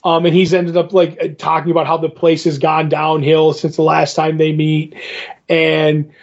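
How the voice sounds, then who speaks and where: A man in casual podcast chat, retelling comic scenes with quick quoted lines. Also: fairly high pitch, completely flat delivery, gravelly, lo-fi sound. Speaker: podcast co-host.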